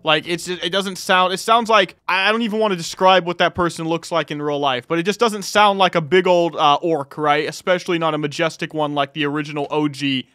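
A man's voice: a little high, fairly even intonation, a little fast, hardly any pauses, bright, forceful tone, clean tone, no echo, studio quality. A man doing casual gameplay commentary as a gaming YouTuber, reacting bluntly and with energy.

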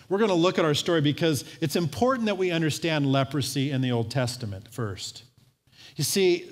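A man preaching a sermon as pastor, telling a story in a lively way and acting out the voices of its people. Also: mid-range voice. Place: church sanctuary. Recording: long church hall reverb.

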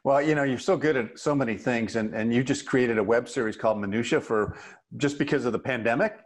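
A man's voice: medium pitch, brisk. A middle-aged man hosting an interview, enthusiastic, complimentary and jokey. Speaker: interview host. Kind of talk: casual interview.

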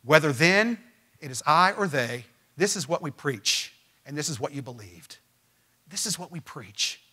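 A man preaching a sermon as pastor, emphatic and swinging from loud, rising lines to quiet ones. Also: fairly high pitch, lively intonation, a little slow, breathy edge. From Missouri. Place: church.

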